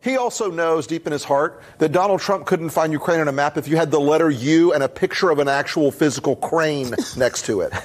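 A man's voice: on the high side, fairly quick, few pauses. A man on a cable news panel, mocking and laughing, with stammered restarts.

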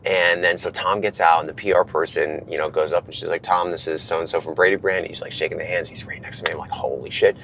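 A man in his thirties, animated, telling a long story in casual chat from a car and acting out the lines of others. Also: low voice, fast, gravelly, hardly any pauses, slight background noise. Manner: animated, acts out quotes from others. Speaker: guest.

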